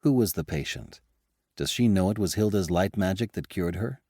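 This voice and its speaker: Expressive male narrator, animated delivery, dry close-miked read. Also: low-pitched, normal speed, no echo. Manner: lively, expressive first-person storytelling. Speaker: audiobook narrator. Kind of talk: scripted audiobook narration.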